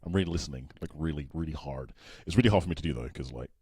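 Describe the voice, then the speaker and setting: A man from Britain with a non-regional British accent, chatting casually and quickly, poking fun at himself on a video call. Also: rumbling low, dark tone, husky, no echo. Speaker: podcast guest. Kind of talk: casual chat.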